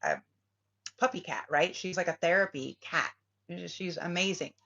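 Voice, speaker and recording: Low-voiced woman rambling on spirituality. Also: normal speed, pushed and bright, highs cut off. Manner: emphatic, profane, rambling. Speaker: spiritual reader. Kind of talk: casual rambling vlog talk.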